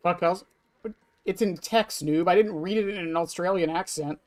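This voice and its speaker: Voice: mid-range voice, fairly quick, darkish tone, faint music behind. A streamer casually talking through a match of an online horror game and answering chat, blunt and offhand, swearing freely. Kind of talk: casual live-stream gameplay commentary.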